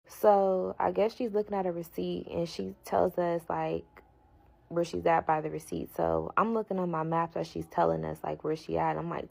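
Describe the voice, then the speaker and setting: Casting: a blunt woman with a lowish, gravelly voice, telling a story in a casual, slangy vlog style. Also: normal speed, poor audio. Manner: blunt, slangy and profane, animated retelling. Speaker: storyteller vlogger.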